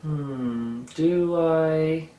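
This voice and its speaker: A man's voice: fairly high pitch, drawn-out words, mellow. A man hosting a knitting podcast, talking casually to camera in a chatty, rambling, self-mocking way. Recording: roomy echo, mic at a distance.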